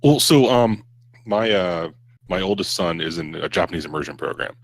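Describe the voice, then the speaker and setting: A man chatting casually on a podcast, asking halting questions full of fillers. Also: sits low, animated, low-quality recording. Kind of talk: casual chat.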